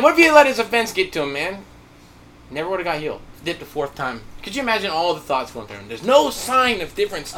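A man preaching a sermon, telling a story with animated delivery and acted-out quotes. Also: high-pitched, fast, slight background noise.

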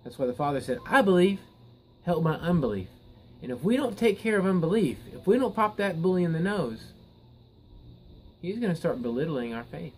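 A man's voice: on the high side, sing-song, fairly quick, darkish tone, a little hiss or hum, low-quality recording. A man preaching a Bible teaching sermon in an earnest way. He often repeats words and restarts his sentences, then rises to emphatic peaks.

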